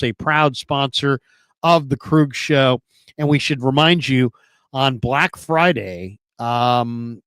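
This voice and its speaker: A man hosting a live-streamed sports talk show, with booming, energetic hype and chatty sponsor reads. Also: dry recording.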